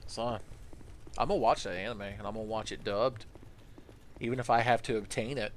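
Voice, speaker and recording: A man's voice: fairly low pitch, steady tone, fairly quick, slight background noise. A man streaming a game live, chatting casually and joking as he rambles through questions from his chat.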